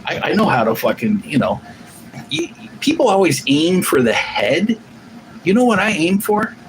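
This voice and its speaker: Man in his forties, live-stream host, lively swooping delivery, profane rambler, faint hiss behind. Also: a little high, moderate pace, poor audio. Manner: rambling, profane, restarts often. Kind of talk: casual live-stream chat.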